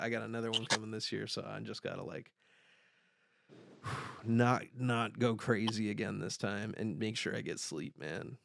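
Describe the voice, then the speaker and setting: A young man tells a story on a casual podcast, his voice gravelly with a bit of fry. He gets animated and swears, yelling out the lines he quotes. The sound is dry and close, with no room around it. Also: fairly low pitch, dry recording. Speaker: podcast host.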